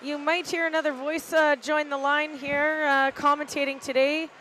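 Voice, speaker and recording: Middle-aged woman as casual rink commentator: high, unhurried, chatty, faint arena hum behind. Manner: relaxed, chatty, hesitant with fillers. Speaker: volunteer play-by-play commentator, team parent. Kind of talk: amateur live sports commentary. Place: arena balcony overlooking ice rink.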